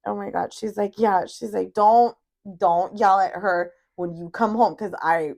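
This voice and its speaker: A bit slow and with vocal fry, her mid-range voice carries lively family stories on the podcast she co-hosts. In her thirties, she swears openly and acts out quotes during the casual chat.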